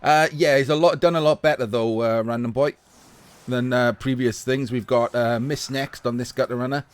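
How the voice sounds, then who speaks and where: A male esports commentator calling a match live in a loose, chatty way. He laughs often and swears without a second thought. His mid-pitched voice is getting a little hoarse. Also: fairly even intonation, normal speed. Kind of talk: casual live video game commentary.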